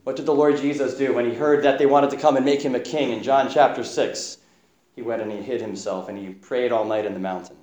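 A male preacher delivers a sermon in a gentle, reflective voice, now and then acting out what people in the story say. His voice sits at a middle pitch. It rings with the echo of a roomy hall. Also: fairly even intonation, fairly quick. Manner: gentle, reflective, acts out quotes. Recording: echoey room.

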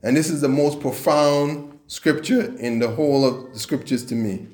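A man's voice: fairly high pitch, moderate pace, darkish tone, roomy sound. A man preaching a sermon in an earnest way, often repeating himself and restarting his sentences.

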